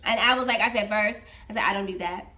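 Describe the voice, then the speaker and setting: A woman's voice: mid-range voice, fast talker. Female vlogger, freelance social media manager, chatty storytime delivery that acts out the dialogue. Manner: animated, retells dialogue with many "I was like" asides. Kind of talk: casual storytime retelling.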